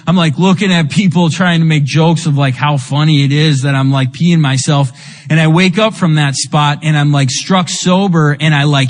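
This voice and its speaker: Man, recovery testimony, raw confessional storytelling, emotional, slightly high voice, long hall reverb. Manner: raw, confessional storytelling, full of "like" and "you know"; emotional, with bursts of rueful laughter. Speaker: speaker sharing a recovery testimony. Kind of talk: personal testimony talk.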